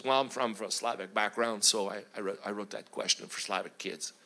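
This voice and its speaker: This guest preacher, a man in middle age, keeps his story-filled sermon moving briskly with few pauses. His animated delivery shifts from thunderous to soft.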